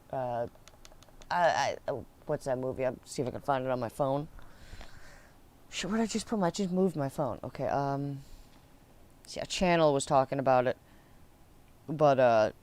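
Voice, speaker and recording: A man's voice: medium pitch, animated, normal speed, long pauses, a little mellow. A young man telling a school story in a rambling, casual way, laughing and swearing as he goes.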